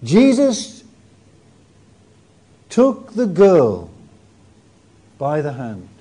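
Male preacher, expressive storyteller, lively pitch, mellow tone. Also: extremely slow, husky. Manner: animated storytelling with warm humour. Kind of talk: sermon.

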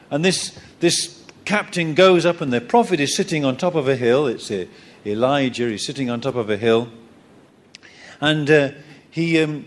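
A man delivers a sermon with emphatic repetition, his voice somewhat high and lively, swooping as he tells the story. He slips into quoted voices while retelling scripture. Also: moderate pace. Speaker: preacher.

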